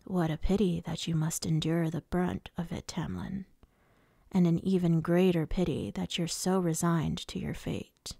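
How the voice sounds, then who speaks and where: A woman's voice: fairly low pitch, steady tone, moderate pace, vocal fry, hardly any pauses, dark tone, dry recording, studio quality, pitched below the performer's own voice. A woman reading the lines of a suave, menacing male fae lord, with a purring, taunting delivery. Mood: whispered purring.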